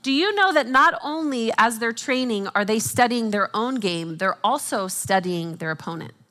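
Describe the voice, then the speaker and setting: Bright-voiced woman teaching from stage. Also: fairly high pitch, moderate pace. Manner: animated, quotes herself and others in acted voices; jokes with the audience. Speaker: conference speaker. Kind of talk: Christian conference teaching.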